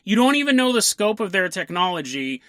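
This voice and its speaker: Lively, bright-voiced male podcast host. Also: high voice, no room sound, studio quality. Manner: laughs often, jokey asides, voices quick characters. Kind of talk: casual storytelling monologue.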